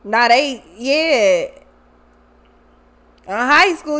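A woman's voice: fairly high pitch, brisk, fairly bright tone. A woman giving a casual tarot reading monologue, blunt and profane, who talks emphatically and often repeats her words. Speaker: tarot reader.

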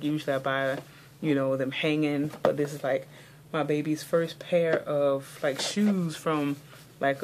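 A woman's voice: low voice, a little hiss or hum. Chatty young woman rambling through a vlog. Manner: rambling, chatty, many "like" fillers. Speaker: vlogger. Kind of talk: casual haul vlog chat.

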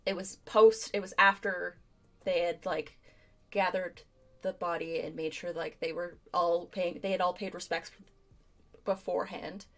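A woman's voice: on the low side, little pitch movement, measured pace, a bit bright. A woman co-hosting a live stream, chatting casually and rambling with many fillers. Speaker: co-host. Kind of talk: casual chat.

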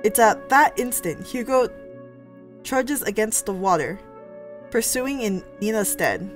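A woman's voice: fairly high pitch, lively intonation, takes it slowly, soft background music. A woman narrating a story game aloud, reading dramatically and breaking in with reactive asides.

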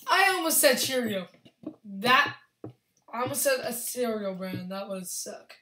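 Excitable young woman, echoey room. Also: on the high side, slow pace. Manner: excitable, restarts often, yells at opponents. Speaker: gaming channel host. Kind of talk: casual gameplay commentary. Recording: echoey room with faint background hiss.

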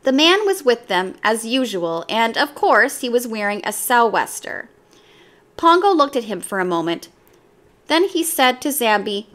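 Lively woman reading a children's book. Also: fairly high pitch, a little slow. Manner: lively, expressive read-aloud. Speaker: storyteller.

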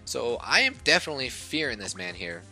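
A man giving casual commentary over a game he recorded, muttering at times and then bursting out loud, and a little short of breath. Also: medium pitch, fairly quick, faint music behind. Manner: excitable, swings from mumbling to outbursts. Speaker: gaming YouTuber.

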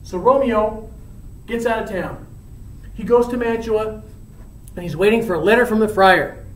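A woman's voice: medium pitch, moderate pace. A woman teacher casually retelling a play in a chatty, explaining way. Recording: roomy, from far off.

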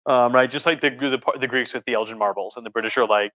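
A man's voice: mid-range voice, steady tone, quick pace, bright, forceful tone, dry recording. A man, a history professor, giving a casual, rambling talk while a bit tipsy, full of fillers, restarts and jokey asides, recorded at home. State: tipsy from drinking. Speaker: history professor live-streaming. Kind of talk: casual lecture chat. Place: home living room with a couch. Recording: dull lo-fi stream audio.

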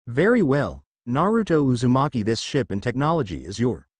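A man voicing an ominous alien cosmic being with a formal, measured delivery in a storybook-style reading. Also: medium pitch, very animated, breathy edge, no echo. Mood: solemn.

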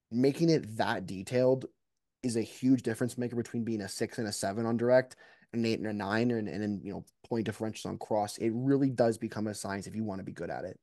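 Mellow-voiced man talking shop. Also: lowish voice, a little fast, no room sound, studio quality. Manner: reflective, animated, many restarts. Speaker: mock trial competitor. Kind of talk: casual interview talk.

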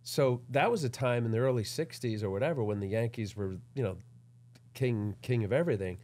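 A middle-aged man, a former pitcher, chatting in an interview, rambling and friendly with frequent restarts. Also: brisk, a little mellow. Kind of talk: casual interview chat.

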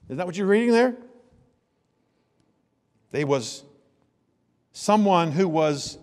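Conversational pastor in a reverberant church. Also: male voice, sits high, expressive, takes it slowly. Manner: conversational preaching, swinging between hushed asides and loud emphasis. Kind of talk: sermon. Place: church sanctuary.

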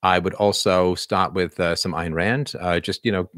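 Low-voiced man, dry close sound. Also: steady tone, normal speed, a bit bright, dry recording. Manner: thinking aloud with many fillers, reading comments in a lifted voice. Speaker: livestream host answering viewer questions. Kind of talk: casual livestream Q&A.

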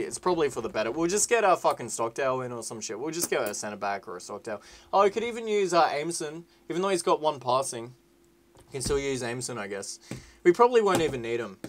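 A young man giving casual, sweary commentary over his own gameplay, rowdy and excitable, slipping into loud whiny outbursts and then low mumbling asides. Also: a little hiss or hum. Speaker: gaming YouTuber. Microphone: desk mic with webcam.

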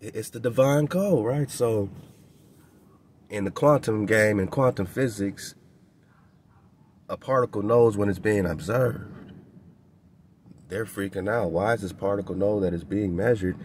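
A man's voice: fairly low pitch, unhurried, pauses often, a little mellow, slight background noise. A man hosting a radio show, giving a preaching-style spiritual monologue in loose street slang, emphatic and repetitive, often ending phrases with "man". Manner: loose street slang, chuckles between points.

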